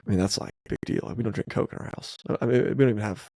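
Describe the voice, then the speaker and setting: A man co-hosting a casual family podcast, talking animatedly and jumping up in pitch when he acts out other people's lines. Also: racing, no echo, studio quality. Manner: animated, acts out quotes with big pitch jumps. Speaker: podcast co-host.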